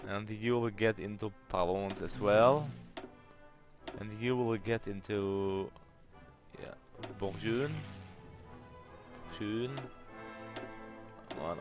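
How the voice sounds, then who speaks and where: A young man talks his way through a strategy game at his desk microphone, voice sitting on the low side. He reasons aloud over every move and swears in disbelief when the game glitches. Quiet music plays faintly under him. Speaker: let's play host.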